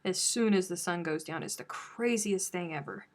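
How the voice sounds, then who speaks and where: A woman's voice: lowish voice, moderate pace. Chatty woman hosting a crochet stream. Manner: chatty, teasing, sarcastic. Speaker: crochet live stream host. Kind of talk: casual chat reading viewer comments.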